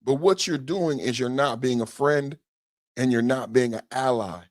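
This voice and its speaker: A man hosts a podcast and rants about politics. He is indignant and swears freely, his pitch sits mid-range for a man, and the sound is dry and close with no room behind it. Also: normal speed, dry recording. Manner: indignant, builds to shouting, swears often. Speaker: podcast host. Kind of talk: political commentary rant.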